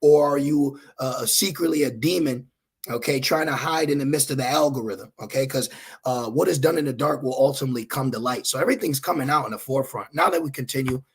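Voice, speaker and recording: A man's voice: medium pitch, fast, slightly rough. A man preaching scripture online, scolding his listeners with blunt, profane asides and reading Bible verses aloud between his remarks.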